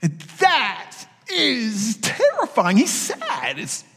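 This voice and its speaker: Animated male preacher in a reverberant hall. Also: very high-pitched, takes it slowly, slightly rough. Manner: animated storytelling with casual asides. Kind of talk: sermon.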